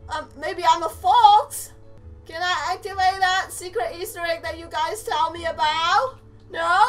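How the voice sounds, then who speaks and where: A young woman giving animated let's play commentary, exclaiming and teasing the game characters as she plays. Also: very high-pitched. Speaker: gamer.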